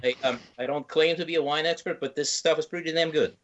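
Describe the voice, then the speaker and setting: A man's voice: on the high side, fairly even intonation, quick pace, dull audio. A man talking as a podcast guest, chatty and poking fun at himself. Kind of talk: casual chat.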